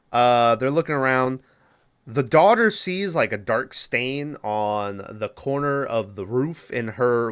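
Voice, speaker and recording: A man's voice: medium pitch, a bit bright. Profane rambling man recapping a movie. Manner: profane, rambling, slips into quick mock voices. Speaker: podcast host.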